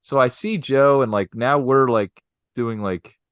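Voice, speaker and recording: A man casually telling a story on a podcast, animated and acting out the voices of the people in it. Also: medium pitch, unhurried, clear, resonant tone, no room sound.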